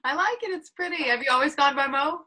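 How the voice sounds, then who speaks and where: A young woman hosting a casual podcast chat, playful and quick to laugh. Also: high voice, sharp tone. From North Carolina. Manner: giggly, playful. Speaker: podcast host.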